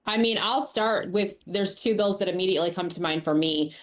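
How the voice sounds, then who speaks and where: A woman running for office, answering interview questions in a brisk, informed way with some fillers. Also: medium pitch. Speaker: candidate.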